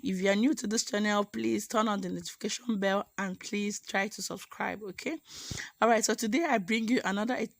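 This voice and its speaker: Hoarse, gravelly woman teaching sewing. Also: medium pitch, fairly even intonation, a little fast, no echo. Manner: keeps checking in with "okay?". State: hoarse, has lost her voice. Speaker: sewing tutor. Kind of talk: sewing tutorial.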